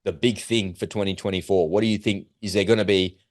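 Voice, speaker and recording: A man's voice: sits low, steady tone, quick pace, darkish tone, dry recording, clean studio sound. A man, co-hosting a podcast in heated, emphatic casual talk. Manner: heated, emphatic, acts out quoted voices. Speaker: podcast co-host. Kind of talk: casual conversation.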